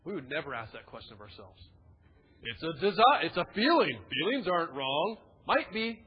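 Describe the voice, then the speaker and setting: Brief: male pastor, high and husky voice, chatty sermon, dull sound in a reverberant church hall. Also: very animated, normal speed. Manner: conversational preaching with asides.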